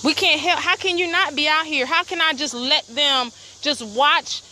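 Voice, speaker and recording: A woman's voice: high voice, normal speed, bright, forceful tone, a little hiss or hum. A woman, out of breath, walking a rural trail and vlogging into a phone, upset and indignant, asking her viewers pointed questions. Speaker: property owner filming a vlog. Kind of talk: walking vlog, talking to viewers. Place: outdoors on rural land, crickets.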